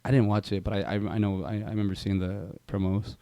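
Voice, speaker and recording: A man co-hosting a movie podcast, chatting casually and telling animated stories. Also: lowish voice, fast, no room sound. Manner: animated storyteller, loud impressions in anecdotes. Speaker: podcast co-host. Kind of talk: casual chat.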